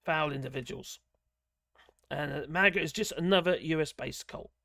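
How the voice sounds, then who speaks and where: A man's voice: on the high side, normal speed, creaky, bright, forceful tone, no room sound, clean studio sound. Rambling man ranting on a stream. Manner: rambling, blunt and ranting, with swearing and chuckles. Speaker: host of a live politics stream. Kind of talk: casual live-stream commentary.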